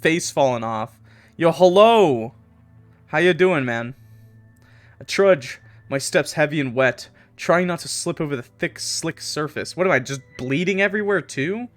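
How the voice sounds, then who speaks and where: A young man playing a horror visual novel, reading the narration aloud and cutting in with crude jokes and loud laughs. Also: fairly high pitch, lively intonation, measured pace. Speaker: let's play streamer. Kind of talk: reading aloud and joking commentary. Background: faint game music.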